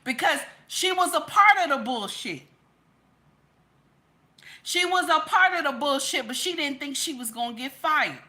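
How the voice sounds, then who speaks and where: An expressive woman with a high, sharp voice takes her time, pausing often as she comments casually for her viewers. She's emphatic, repeats "okay?" constantly, and speaks to her audience as "baby" and "y'all."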